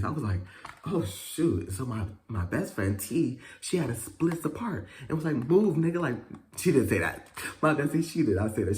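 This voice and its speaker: A young man in a casual storytime vlog, telling a school story in animated, profane bursts with sudden jumps in pitch. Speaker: vlogger.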